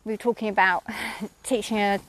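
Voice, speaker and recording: A woman's voice: mid-range voice, steady tone, normal speed. A woman chatting casually about her lesson, rambling and self-mocking, with frequent ums. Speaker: horse rider reviewing her lesson. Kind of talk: casual chat.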